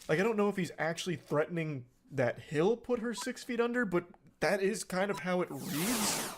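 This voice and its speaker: A man's voice: high voice, expressive, brisk, a little hiss or hum. A man doing reaction commentary, reading text messages aloud in a sarcastic, incredulous way and swearing freely. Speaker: online commentator.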